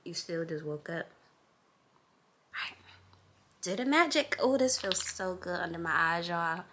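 A woman chatting casually in a vlog from her makeup table, talking to viewers as y'all and honey in a lively, animated way. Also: on the low side, unhurried, a little hiss or hum. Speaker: vlogger.

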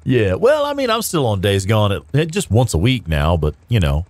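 A man's voice: on the low side, huge pitch swings, normal speed, darkish tone, no echo. A man hosting a casual gaming livestream while getting over a cold, laughing often and swearing freely. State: sick with a cold. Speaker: streamer host.

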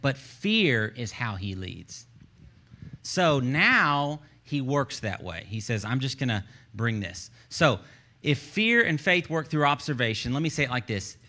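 A man with a Texan accent, a church pastor preaching a sermon from the stage in an animated, joking, conversational way. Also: mid-range voice, measured pace.

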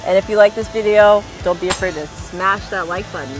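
A woman's voice: medium pitch, a little fast, music in the background, low-quality recording. A young woman co-hosting a casual fishing vlog, talking expressively out on a boat. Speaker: co-host, fishing vlogger.

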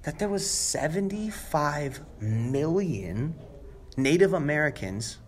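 A man in his late twenties, a guest in an interview, telling stories in an animated, emphatic way. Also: fairly high pitch, takes it slowly, slight background noise. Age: 20s. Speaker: guest, rapper. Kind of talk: conversational interview answers.

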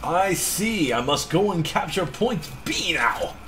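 A stiff, theatrical old-timey English gentleman with grand, archaic manners, as a young gamer puts him on. The pitch swings high and low, and there is a faint hiss behind him. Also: big pitch swings, slow, exaggerated voice. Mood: pompous. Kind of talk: playful put-on voice during gameplay.

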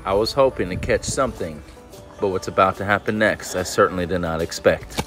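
A man's voice: low voice, brisk, fairly bright tone, faint music behind. A man narrating his fishing vlog in a dramatic voice-over. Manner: dramatic storytelling. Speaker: fishing channel host.

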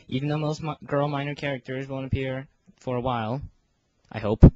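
A man's voice: mid-range voice, fairly even intonation, fairly quick, dry recording, lo-fi sound. A teenage boy in a casual vlog, rambling and self-deprecating, with lots of fillers and restarts. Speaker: video creator organizing a fan voice series.

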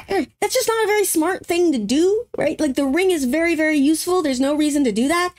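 A young adult woman hosting a casual trailer breakdown, excitable and breaking into squeals and laughs. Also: high-pitched, brisk. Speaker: YouTube host.

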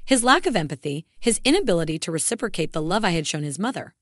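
A woman's voice: fairly low pitch, very animated, fast, no room sound, studio quality. Emotional woman narrating a story. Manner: earnest and emotional. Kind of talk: scripted first-person story narration.

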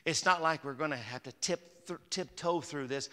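A male pastor delivers a sermon in a bright, somewhat high voice. He moves between chatty asides to the congregation and emphatic, rising declarations. The sound carries the long reverb of a church sanctuary. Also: normal speed. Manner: conversational preaching, rising to emphatic peaks.

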